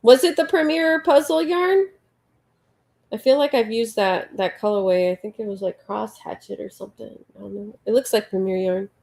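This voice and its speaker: Woman, casual livestream host, mid-range pitch, chatty, counts stitches softly, reads chat aloud. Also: normal speed, vocal fry. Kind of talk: casual live chat while crocheting.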